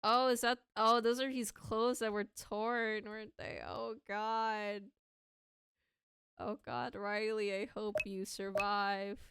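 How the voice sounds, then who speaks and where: A woman's voice: medium pitch, little pitch movement, slow, fairly bright tone, clean tone. A young woman streaming a horror game, reading story text aloud and breaking into pleading, dramatic outbursts at the characters. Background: faint background music.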